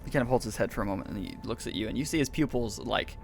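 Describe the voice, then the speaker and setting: A man narrating as game master of an online tabletop game, relaxed, with frequent fillers and throat clearing. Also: mid-range voice, very fast, soft background music.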